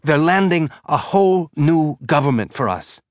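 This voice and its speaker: A jittery young male messenger as a man puts him on in a story reading. His voice is raised and higher, and his words tumble out anxiously and in a hurry. The recording is dry, with no room echo. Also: animated, close to an everyday voice. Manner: anxious, hurried.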